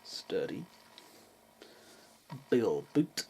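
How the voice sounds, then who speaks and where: Young male vlogger, gravelly, deadpan humour, faint room noise. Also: low-pitched, extremely slow, poor audio. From England. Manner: dry, self-mocking asides. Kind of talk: casual vlog chat. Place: parents' house in the countryside, with cats.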